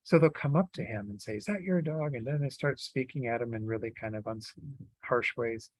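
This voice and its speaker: A man giving a Buddhist teaching in a relaxed, conversational way, with frequent fillers and restarts. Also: mid-range voice, fairly quick, rough recording. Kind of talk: dharma talk.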